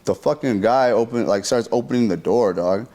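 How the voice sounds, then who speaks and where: A man's voice: lowish voice, moderate pace. A man telling a story in a casual interview, using slang and profanity, acting out quoted lines and adding sound effects. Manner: animated retelling that acts out what people said.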